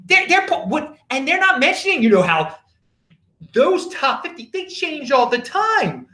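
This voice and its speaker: A man's voice: extremely high pitch, very animated, measured pace, bright, forceful tone, reverberant. A man hosting his own video show, talking in an emphatic, sarcastic way with frequent restarts. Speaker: crypto video host. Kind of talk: casual opinionated monologue.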